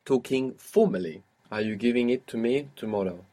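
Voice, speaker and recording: A man's voice: medium pitch, normal speed, dark tone. Patient man teaching a language lesson. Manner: patient, prompting and correcting a learner.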